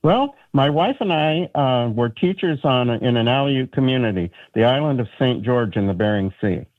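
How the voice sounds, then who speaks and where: A man calling into a radio show, telling a story in an unhurried way over the phone. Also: mid-range voice, animated, dry recording. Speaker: caller. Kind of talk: call-in radio chat. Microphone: telephone. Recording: phone line.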